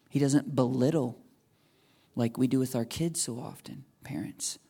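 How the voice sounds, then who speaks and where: A man preaching an earnest, tender sermon, often dropping to hushed near-whispers. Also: medium pitch, measured pace, long pauses. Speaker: pastor.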